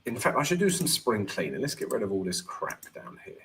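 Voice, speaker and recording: A man's voice: on the low side, huge pitch swings, brisk, creaky, a bit bright, a little hiss or hum. A man hosting a live trading stream, talking casually and with energy, and often checking in with "right?".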